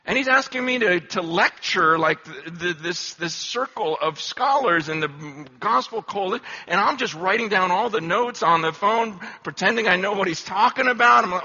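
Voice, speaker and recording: A man giving an animated storytelling sermon at a conference, acting out the voices he quotes. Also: high voice, normal speed, hardly any pauses, big-room sound, lo-fi sound. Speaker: conference speaker.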